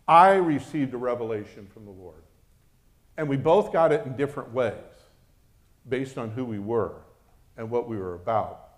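A man preaching a sermon, telling a personal story and acting out the voices of the people in it. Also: mid-range voice. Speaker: pastor.

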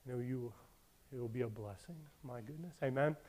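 A pastor preaching a sermon with emphatic, repetitive exhortation. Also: male voice, medium pitch, fairly quick, a little mellow.

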